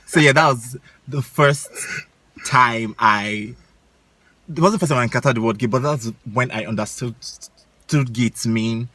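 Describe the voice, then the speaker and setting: A young man, co-hosting a casual chat and telling stories in an animated way, laughing often. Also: mid-range voice, normal speed, no echo. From Nigeria. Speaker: co-host.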